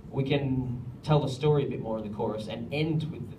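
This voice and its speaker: A man's voice: mid-range voice, steady tone, normal speed, few pauses, darkish tone, a little hiss or hum. A man leading a songwriting workshop, joking with the group and singing lines to show the melody. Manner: joking, often sings lines to demonstrate. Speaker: music director teaching songwriting. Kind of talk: workshop teaching with sung examples. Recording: far from the mic with faint ambience.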